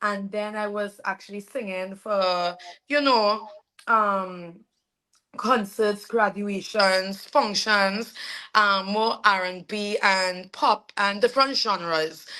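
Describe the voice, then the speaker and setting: A young woman with a Trinidadian accent, telling her life story as a guest in a casual interview, animated and quick to laugh. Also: mid-range voice. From Trinidad and Tobago. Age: young adult. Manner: animated, laughs often, trails off with fillers. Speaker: soca artist guest.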